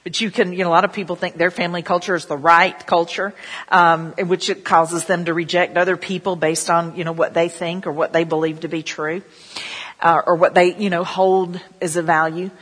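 A woman's voice: on the low side, flat delivery, brisk, fairly bright tone, breathy edge, big-room sound. A middle-aged woman pastor, leading prayer and telling chatty stories in a sermon, full of "you know" asides. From southern United States.

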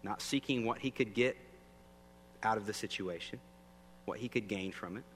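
A man's voice: on the low side, normal speed. A man preaching a sermon in a conversational way, often asking the audience questions. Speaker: pastor. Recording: long reverb, faint hum.

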